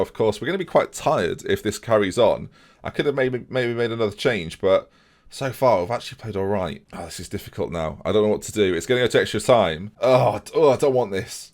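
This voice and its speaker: A young man commentating his own video game match, fretting one moment and shouting the next. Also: on the low side. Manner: excitable, swings from fretting to shouting.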